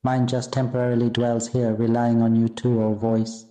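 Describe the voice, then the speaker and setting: A man delivers a solemn Buddhist sermon in a very dark, mellow voice that stays flat and even. His phrasing is repetitive and incantatory, and he sounds like he is in an echoey room. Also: mid-range voice, moderate pace. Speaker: Buddhist teacher. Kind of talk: Dharma sermon.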